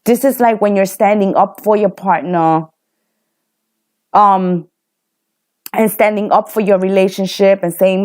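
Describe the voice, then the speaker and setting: A woman's voice: mid-range voice, fairly even intonation, a little slow, pauses often, a little mellow. A woman giving a general tarot reading, emphatic and repetitive, often acting out what the people in the reading would say. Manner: emphatic and repetitive, acts out quotes. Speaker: tarot reader.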